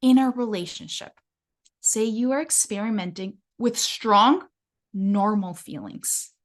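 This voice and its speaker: Slow-talking Mexican-accented woman. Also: medium pitch. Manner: earnest, reflective, often adds "right?". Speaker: relationship coach. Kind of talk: explanatory interview talk.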